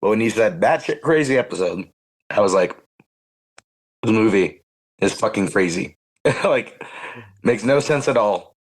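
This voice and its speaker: A man's voice: lowish voice, expressive, measured pace, pauses often, low-quality recording. A man co-hosting a movie podcast, talking casually and with amusement about an absurd film. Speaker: podcast co-host. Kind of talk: casual movie review chat.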